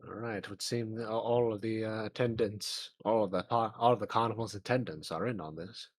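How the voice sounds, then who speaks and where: A man with a low voice plays a genteel professor at a tabletop game, with courtly, old-fashioned phrasing. The recording is dry and close, with no room sound. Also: steady tone, a little fast, dry recording. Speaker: player voicing a professor. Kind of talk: in-character tabletop role-play.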